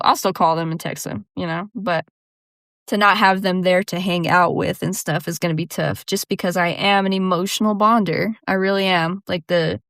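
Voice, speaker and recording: A woman's voice: lowish voice, fairly bright tone, no room sound, studio quality. A young woman hosting her own podcast, talking casually on her own, laughing often and peppering her speech with "dude" and "like.". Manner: chatty, laughs often, says "dude" and "like" a lot. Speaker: podcast host. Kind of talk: casual solo monologue.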